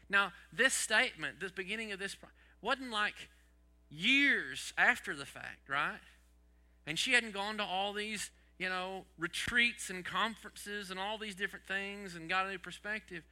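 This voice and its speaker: A man's voice: sits high, measured pace, sharp tone. A man preaching a sermon as pastor, asking the congregation rhetorical questions and dropping folksy sayings.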